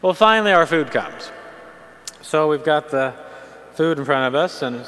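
A fairly high-voiced man gives a humorous sermon, moving from lively storytelling to earnest teaching. His voice rings out with a long reverb from the large hall around him. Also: normal speed, a little hiss or hum. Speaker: Catholic preacher.

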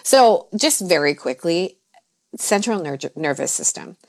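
A woman, a mindset coach, talking casually on a podcast, laughing often and jumping into high exaggerated voices when she quotes herself, then going soft and low when she talks about calming down. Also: measured pace, creaky. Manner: laughs often mid-sentence. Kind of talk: conversational podcast advice.

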